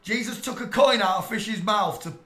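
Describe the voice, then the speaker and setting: An English man ranting on a live stream, preachy and irate, swearing and bursting into shouts at his chat. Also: sits high, normal speed, reverberant.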